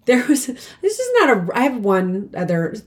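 A woman's voice: a little high, very animated, normal speed. A woman in her forties telling a rambling story in casual chat, full of "like" and acted-out quotes.

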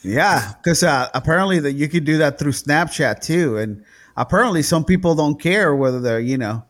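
A man's voice: on the high side, lively intonation, moderate pace. A man co-hosting a casual podcast, joking around and laughing often. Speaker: podcast co-host. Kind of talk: casual chat.

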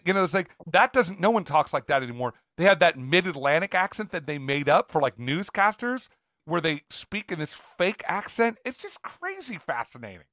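A man from Northern California co-hosting a podcast, telling stories in an animated, rambling way. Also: on the high side, brisk, dry recording, clean studio sound. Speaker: podcast co-host. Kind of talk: casual chat.

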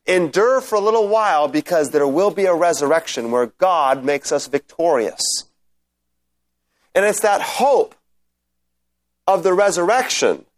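A man teaching a Bible class in a conversational lecture style, reading scripture aloud and checking in with his listeners. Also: sits high. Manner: reads scripture aloud, then explains. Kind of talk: informal lecture with Q&A.

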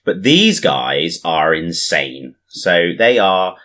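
A tired man chatting casually about a tabletop wargame, relaxed and laughing easily. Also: sits low, takes it slowly. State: tired, yawning.

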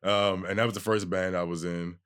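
Young male comic, Baltimore accent, lowish voice, relaxed profane storyteller in casual chat. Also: fairly quick. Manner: loose, profane, laughing storyteller. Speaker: comedian guest.

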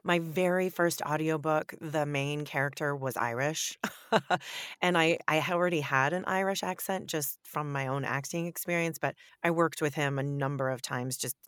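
A woman with a notably low voice, answering as an audiobook narrator. She talks with animated emphasis and laughs easily. The sound is very dry and close. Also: normal speed, clear, resonant tone, no echo. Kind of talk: podcast interview answers.

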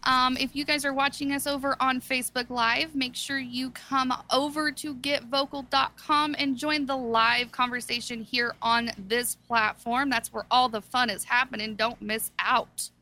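A woman's voice: sits high, level tone, moderate pace, few pauses, bright, forceful tone. A woman from Oklahoma co-hosting a geek podcast, bubbly and giggly in casual chat. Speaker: podcast co-host.

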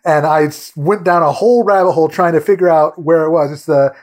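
A man co-hosting a casual podcast chat, excitable and rambling as he tells a story. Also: on the high side, brisk, over loud music. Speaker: podcast co-host.

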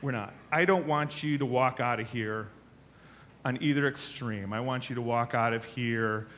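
A man preaching a sermon as a pastor, telling stories with lively acted-out voices. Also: mid-range voice, moderate pace. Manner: animated storytelling, acts out voices.

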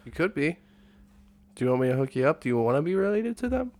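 A man's voice: a little high, very animated, fast talker, darkish tone. A man in casual podcast chat, playful and joking, spinning tall tales with a straight face. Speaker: podcast guest.

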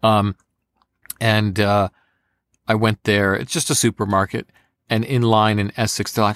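A man's voice: lowish voice, a little slow, long pauses, no room sound. A young American man, a voice actor, telling stories in a casual interview and slipping into impressions. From United States. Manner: animated storyteller, slips into impressions. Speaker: voice actor guest.

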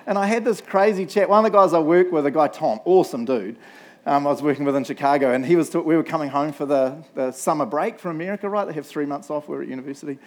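A middle-aged man with a New Zealand accent, preaching a relaxed, humorous sermon full of anecdotes and frequent "right?" asides. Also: a little high, quick pace. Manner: chatty, humorous, keeps tagging "right?". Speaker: pastor. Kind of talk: casual sermon storytelling.

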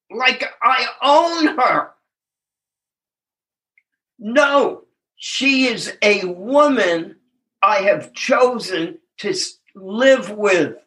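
A man's voice: extremely high pitch, pushed and bright. An older man in his seventies giving a reflective, earnest personal recovery testimony, chuckling at himself and stressing key words. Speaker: speaker sharing at a recovery meeting.

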